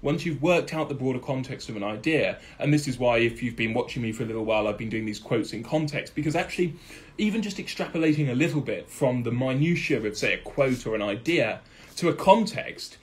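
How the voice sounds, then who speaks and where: A man's voice: mid-range voice, animated, fairly quick. A young man, a history student and channel host, explaining ideas in casual talk full of restarts and fillers. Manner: rambling, many restarts and fillers, laughs at own points. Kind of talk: casual educational talk to camera.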